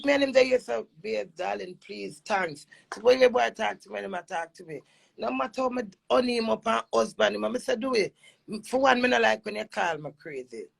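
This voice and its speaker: Gravelly-voiced Jamaican woman venting. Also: mid-range voice. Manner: emphatic, repetitive, switching between patois and English. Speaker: dancehall personality airing a marital dispute. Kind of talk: heated venting monologue.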